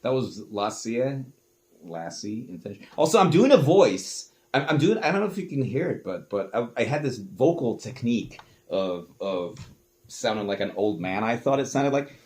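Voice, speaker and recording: A man's voice: medium pitch, very animated, moderate pace. A man, rambling casually and swearing offhandedly while he tests old recording gear at home. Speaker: vlogger. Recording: noisy home recording with clicks.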